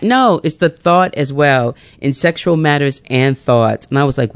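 A woman's voice: low-pitched, lively intonation, moderate pace, clean tone, no echo. A young woman hosting a gospel radio show, chatting casually and reading scripture, laughing often and acting out her own talks with God. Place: radio studio. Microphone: studio microphone.

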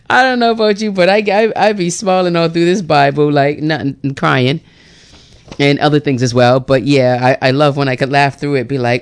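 A woman's voice: fairly low pitch, normal speed, smooth. A woman hosting a radio book club hour, chatting casually, laughing often and acting out little voices.

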